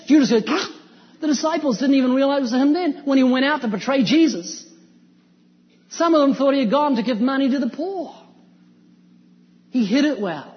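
High-voiced preacher in a reverberant hall. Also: male voice. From New Zealand. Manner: animated preaching, quoting scripture, acting out voices. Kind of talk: sermon. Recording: dull sound with long hall reverb.

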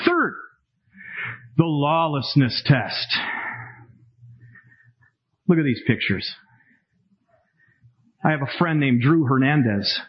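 A man in his fifties preaching a sermon to a congregation, emphatic and animated, with dramatic asides. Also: medium pitch, breathy edge, dull audio. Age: 50s. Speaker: pastor.

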